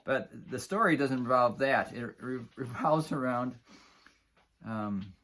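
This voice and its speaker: A man's voice: medium pitch, slow, bright, forceful tone. A middle-aged man from the Buffalo area telling a casual, rambling story about an old gig, with many fillers and chuckles. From Buffalo area, New York.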